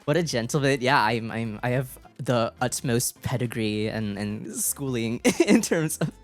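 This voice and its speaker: A woman with a low, dusky speaking voice chats on a live stream. She is giggly, excitable and playful, talking close into a desk mic, with faint music underneath. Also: a little slow. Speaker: VTuber streamer. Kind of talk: casual live-stream chat.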